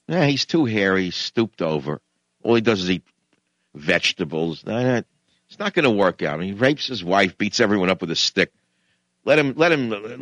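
A casual, dismissive God who tinkers with creation and mutters over his failures, as a radio host puts him on. The voice drops low and mumbling. The sound is dry and close. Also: fairly bright tone, no room sound.

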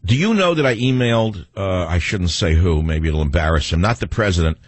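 A man's voice: sits low, slightly rough, dry recording. A man with a New York accent hosting a talk radio show, delivering a combative, emphatic and self-assured monologue.

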